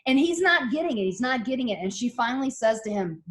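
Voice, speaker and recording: A middle-aged woman giving a classroom lecture, telling stories and acting out the people she quotes in lively voices. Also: fairly high pitch, fast. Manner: animated, acts out quoted voices. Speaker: college lecturer.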